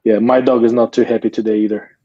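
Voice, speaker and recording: A man joining a live podcast as a guest, chatting casually in a relaxed, halting way. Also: lowish voice, dry recording, highs cut off. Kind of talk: casual chat.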